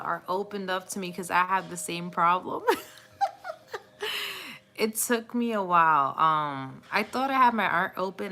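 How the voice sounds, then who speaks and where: A tarot reader with a low, sharp-toned voice gives a live reading, chatty and reassuring, full of fillers and frequent laughter.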